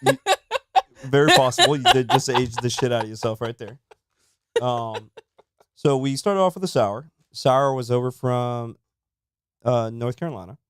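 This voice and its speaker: A man co-hosting a casual beer-tasting podcast, relaxed and chatty, with plenty of ums and uhs. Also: mid-range voice, moderate pace, long pauses, clean tone, no echo. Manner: relaxed, chatty, says um and uh often. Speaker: podcast co-host.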